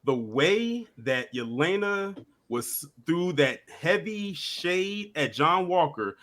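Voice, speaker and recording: A man's voice: a little high, very animated, slow pace, a bit bright. A man on a podcast animatedly retelling movie scenes, stammering through restarts. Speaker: podcast co-host. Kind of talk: casual movie review chat.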